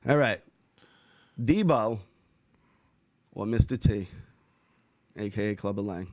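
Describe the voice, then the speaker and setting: A man's voice: fairly low pitch, slow pace, no echo, studio quality. A man hosting a casual podcast chat, talking in a profane, emphatic, rambling way. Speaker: podcast host.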